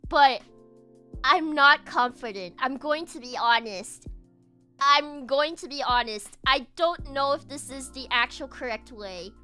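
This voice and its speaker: A woman's voice: high voice, measured pace, sharp tone, clear, resonant tone, soft background music. A young woman streamer telling a casual story while drawing, giggling often and restarting her phrases. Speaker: virtual streamer.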